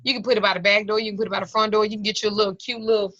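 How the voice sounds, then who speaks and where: A woman's voice: medium pitch, flat delivery, very fast, a bit bright, no echo. A middle-aged woman teaching an occult class over a video call, swearing freely, joking and acting out little scenes. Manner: profane, joking storyteller who acts out voices. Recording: dull lo-fi video call audio.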